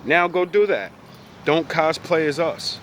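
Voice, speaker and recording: A man's voice: fairly high pitch, unhurried, a bit bright, slight background noise. An American man in a blunt, profane ranting commentary who hammers his points with repetition. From United States. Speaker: vlogger.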